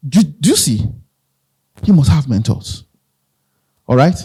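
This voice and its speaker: Husky Nigerian man giving a pep talk. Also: on the high side, very animated, measured pace, warm tone. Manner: conversational, repeats phrases, asks the audience questions. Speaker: motivational speaker. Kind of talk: live motivational talk.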